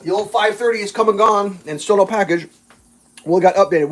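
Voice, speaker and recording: A man's voice: high-pitched, brisk, a little hiss or hum. A man hosting a live stream, casually telling a long, exasperated story in a rambling, profane way. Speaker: livestream host.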